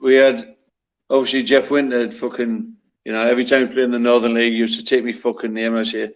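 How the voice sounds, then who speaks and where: A man spins football yarns in a blunt, heavily profane way. His pitch sits in the middle range. The recording is a little dull and lo-fi. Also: level tone, fast talker. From North East England. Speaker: former footballer telling stories. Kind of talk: casual chat. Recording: slightly muffled lo-fi sound.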